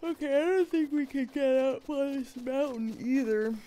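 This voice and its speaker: A woman's voice: high voice, normal speed, warm tone, a little hiss or hum. A woman streamer giving casual let's play commentary, chatty and full of fillers, with the odd mild swear. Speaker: gaming streamer.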